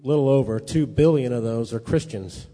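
A man's voice: medium pitch, moderate pace, warm tone. A man teaching a sermon in a conversational way, often checking in with his listeners. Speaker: preacher. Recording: long reverb of a hall.

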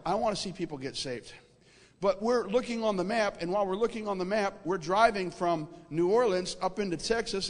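Man preacher, high voice, animated folksy storytelling; echoey hall. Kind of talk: storytelling sermon.

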